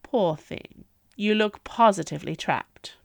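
A woman's voice: mid-range voice, a little slow, gravelly, dry recording, clean studio sound. A woman voicing a cheerful, frank young princess with a breezy, blunt manner.

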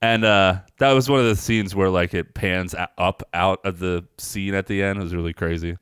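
A man with a low, smooth voice chats loosely on a movie podcast, piling up fillers and casual swearing. He retells scenes with animated bursts, and the sound is close and dry. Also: normal speed, no room sound. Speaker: podcast co-host reviewing films. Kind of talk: casual chat.

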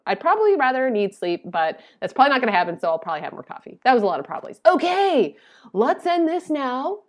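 A woman's voice: medium pitch, big pitch swings, very fast. A woman hosting her own podcast alone, chatty and upbeat in an easy, casual way. She sounds tired after too little sleep but keeps the energy up. She laughs at her own stumbles. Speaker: podcast host. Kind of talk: casual solo podcast talk.

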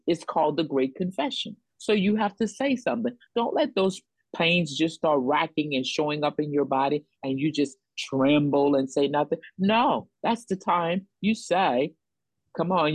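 A woman preaching in a call-and-response rhythm, leaning on repeated phrases to drive each point home. Her voice is breathy and soft-edged. The sound is dry and close, with no room around it. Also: deep voice, moderate pace, no room sound, low-quality recording. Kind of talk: sermon.

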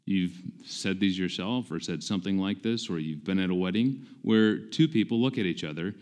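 A man's voice: low voice, normal speed, darkish tone. A pastor in his forties preaching a conversational sermon, emphatic and self-deprecating, often repeating himself for stress. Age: 40s.

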